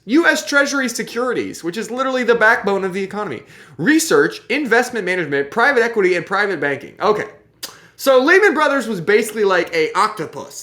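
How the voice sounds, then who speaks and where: An animated, sarcastic host rants casually to viewers, and the pitch swings widely from phrase to phrase. The host keeps checking in with "okay?" while walking through a screen share. The room has a noticeable roomy echo. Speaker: video host. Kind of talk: casual ranting commentary over a screen share.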